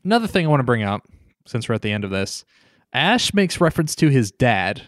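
Man, podcast co-host, mid pitch, dry sound, rambling, says "like" a lot, laughs. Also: very animated, brisk, a bit bright, no echo. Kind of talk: casual movie recap chat.

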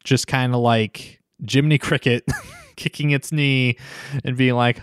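A man's voice: medium pitch, fairly even intonation, unhurried, clear, resonant tone, no echo, clean studio sound. A man co-hosting a podcast, casually retelling a movie scene, rambling with lots of "like" and laughing. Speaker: podcast co-host. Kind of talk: casual movie recap chat.

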